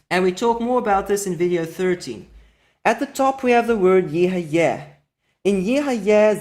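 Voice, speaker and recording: A teacher giving a methodical recorded lesson, slowing down to spell out each example word carefully. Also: medium pitch.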